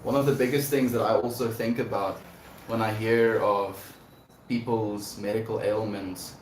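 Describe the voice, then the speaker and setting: In a fairly low, steady voice at a moderate pace, a man hosts a livestream and reads viewers' messages aloud. His chat is relaxed and fond. The room sounds echoey, with a little hiss or hum.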